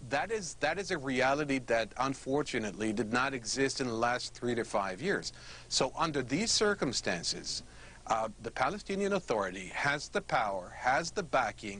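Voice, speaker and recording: A man who is an ambassador, a guest in a political interview, speaking in a measured way with many hesitations. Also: mid-range voice, expressive, a bit bright. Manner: measured, full of hesitations and fillers.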